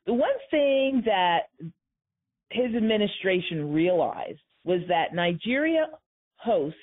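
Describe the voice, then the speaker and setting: Husky-voiced woman hosting over a phone line. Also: medium pitch, big pitch swings, unhurried. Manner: emphatic, repeats key points. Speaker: talk show host. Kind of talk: conversational commentary. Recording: tinny phone-line sound.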